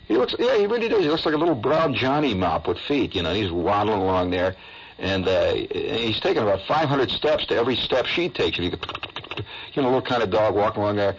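A man's voice: lowish voice, breathy edge, low-quality recording. A man, hosting a radio show and telling a long comic story in a chatty, rambling way with amused asides.

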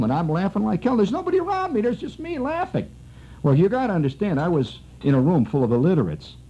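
Wry storytelling man on old radio. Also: slightly rough. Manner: rambling, wry, leaps high when excited. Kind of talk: animated spoken storytelling. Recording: dull lo-fi old radio recording.

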